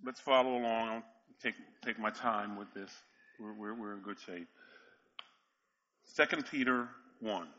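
A man's voice: fairly low pitch, a little slow, long pauses, pushed and bright, highs cut off. A male pastor preaching a sermon, telling stories with emphatic repetition and frequent chuckles. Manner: storytelling, emphatic, chuckles often.

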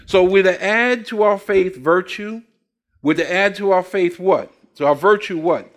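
A man's voice: high-pitched, a little slow. An older man preaching a sermon, asking the congregation questions and telling folksy stories with acted-out voices. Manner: folksy storytelling, acts out quoted voices. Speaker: pastor.

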